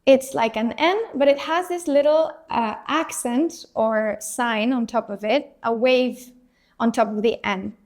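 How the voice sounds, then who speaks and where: A woman's voice: fairly high pitch, measured pace, darkish tone. A woman teaching a beginner language lesson, patiently modelling each letter for the learner to repeat and reassuring them along the way. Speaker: Spanish teacher.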